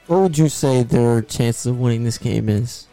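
A man's voice: mid-range voice, moderate pace, mellow, soft background music. Sarcastic young man hosting sports chat. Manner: sarcastic, playful banter. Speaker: podcast host.

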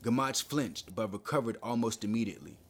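Guy reading a thriller chapter aloud, low voice, kinda dramatic. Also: lively intonation, fairly quick, a little hiss or hum. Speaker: podcast host reading a book. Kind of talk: audiobook-style narration.

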